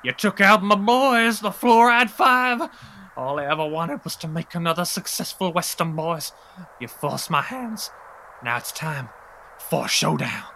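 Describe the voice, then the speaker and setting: A man playing a Western outlaw boss who drags his words out slow and menacing. The voice stays bright and forward. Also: on the high side, lively intonation, slight background noise, voice pushed up, full character voice. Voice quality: slow, drawling villain voice. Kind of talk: comic game role-play.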